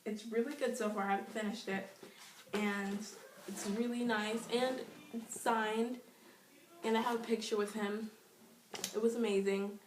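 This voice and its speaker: A young woman telling a casual storytime vlog, gushing and excitable, peppering every sentence with "like," and calling herself shy and nervous. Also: mid-range voice, recorded from a distance, a little hiss or hum. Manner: self-described shy and nervous. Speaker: vlogger. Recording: echoey room, voice off-mic.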